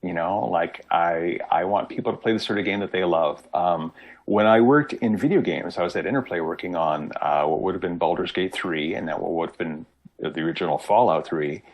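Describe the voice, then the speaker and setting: A man talking as a guest on a casual podcast, telling lively stories and acting out quotes. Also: low voice, brisk, dull audio. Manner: animated storyteller, acts out quotes. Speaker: guest game designer.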